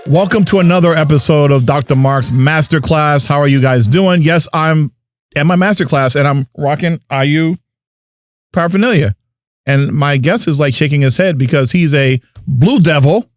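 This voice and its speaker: A man's voice: a little high, normal speed, dry recording, soft background music. Guy from jersey hosting a podcast, joking around, hyping people up, dry sound. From New Jersey. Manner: playful, chatty, hypes up guests. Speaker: podcast host. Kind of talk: casual podcast chat.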